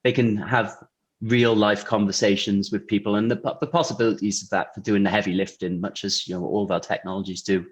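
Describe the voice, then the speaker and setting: A man talking casually as an interview guest, relaxed and chatty, with many fillers and restarts. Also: fairly low pitch, a little fast. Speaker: guest, insurance technology vendor.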